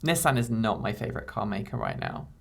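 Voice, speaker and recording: Gravelly-voiced woman chatting while editing. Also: a bass voice, wildly swooping pitch, a little fast. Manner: chatty, thinks aloud, hums while working. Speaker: video editor and show host. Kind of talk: casual livestream chat while editing.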